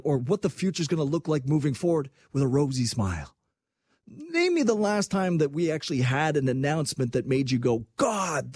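A young man holds forth on politics with heat and sarcasm, his voice a bit higher than most men's. The sound is close and dry, with no room around it. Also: no room sound. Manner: animated, impassioned, mocking asides. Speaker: political commentator. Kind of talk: opinionated political talk.

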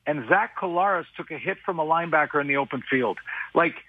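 A man talks football as a radio analyst, halting and circling back, often flagging his own sarcasm. His voice is husky and sits in a middle register. It comes through a dry, tinny phone line. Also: fairly high pitch, expressive, no echo. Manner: halting, restarts often, self-aware sarcasm. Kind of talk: radio sports talk.

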